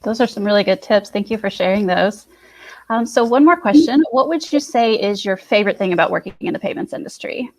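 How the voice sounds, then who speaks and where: Woman interviewer, hesitant, lots of fillers, mid-pitched voice. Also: lively intonation, fairly quick, darkish tone. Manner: hesitant, many fillers before questions. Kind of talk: interview questions.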